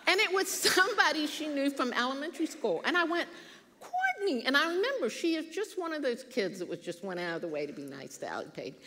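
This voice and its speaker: A woman in her sixties giving an earnest devotional talk, telling a personal story with animated quoted voices. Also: high-pitched. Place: church hall. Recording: church hall with long reverb.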